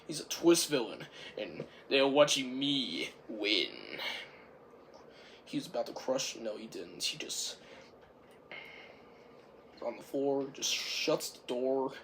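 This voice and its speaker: A reviewer with a sore throat rambling casually through a film's plot, clearing their throat again and again. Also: medium pitch, expressive, slow, long pauses, a little hiss or hum. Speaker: film reviewer. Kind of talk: rambling casual movie recap.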